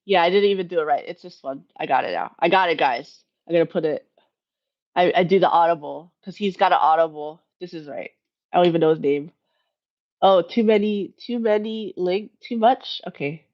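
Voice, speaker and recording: A woman with a voice on the low side talks fairly quickly, and the highs are cut off. She's a livestream host running a casual live Q&A from home, rambling, correcting herself, and laughing often as she chats with her viewers.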